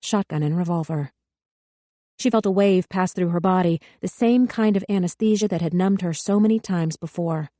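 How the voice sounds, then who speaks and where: A woman narrating a thriller audiobook in a measured, tense way. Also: fairly low pitch, mellow, dry recording. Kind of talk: scripted narration.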